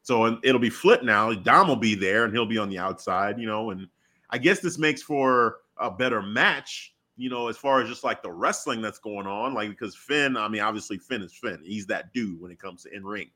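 A man co-hosting a live talk stream in loose, animated casual chat, laughing often. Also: lowish voice, moderate pace. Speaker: co-host of a wrestling talk stream.

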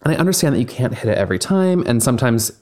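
A man's voice: mid-range voice, sing-song, rapid-fire, a little mellow. A young man co-hosting a casual podcast chat, rambling with lots of fillers and the odd swear. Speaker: podcast co-host.

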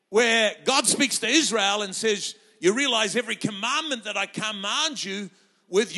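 A man delivers a sermon with fervent, rousing energy, his voice high and bright, swinging widely up and down as he leans into each point. He acts out the voices of the people he quotes from scripture. The sound rings out with a long reverb, as in a large hall. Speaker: pastor.

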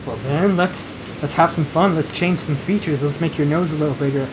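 A man's voice: on the high side, fairly quick. A man in casual chat, rambling and playfully quizzing the other person with trivia facts. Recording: noisy background hiss.

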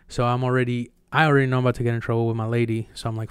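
A young man co-hosting a podcast, telling a long personal story in casual, profane, animated chat. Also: medium pitch, rapid-fire, few pauses, clear, resonant tone, no echo, clean studio sound. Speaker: podcast co-host.

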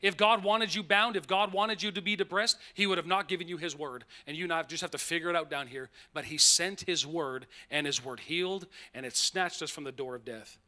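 A man preaching a sermon as pastor, animated and emphatic, slowing down on key phrases and tossing in playful asides. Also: fairly high pitch.

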